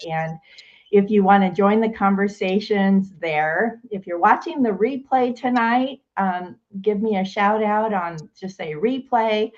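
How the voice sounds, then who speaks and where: A woman's voice: lowish voice, a little mellow, lo-fi sound. A woman hosting a live online show, encouraging her guest and addressing viewers. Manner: encouraging, frequent affirmations. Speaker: host.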